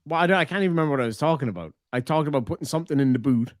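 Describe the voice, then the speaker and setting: A man's voice: on the high side, expressive, very fast, dry recording, clean studio sound. An Irish man chatting on a livestream, swearing often and teasing in casual banter. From Ireland. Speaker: streamer.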